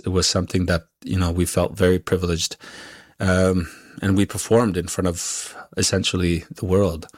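A male musician, a guest whose first language is Inuktitut, answering interview questions haltingly with many pauses and fillers. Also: deep voice, no room sound, clean studio sound.

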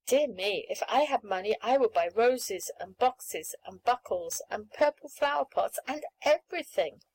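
A woman's voice: a little slow, breathy edge, exaggerated voice, poor audio. Woman putting on an eager pleading little girl. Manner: pleading, excited, high. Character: eager, wheedling little girl about seven.

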